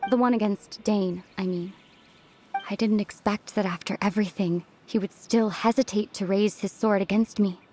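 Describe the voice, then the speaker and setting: A woman voicing a calm young traveler in a game cutscene, speaking softly and thoughtfully in a measured way. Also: medium pitch, natural voice. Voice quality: soft, hushed, contemplative. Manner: measured, reflective, gently questioning. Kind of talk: video game cutscene dialogue.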